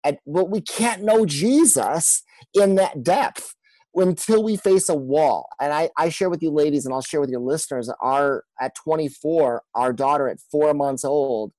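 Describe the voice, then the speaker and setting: A man, a pastor and guest on a podcast, telling a personal story in an earnest, halting way with many restarts. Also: on the high side, a little mellow, no room sound, poor audio.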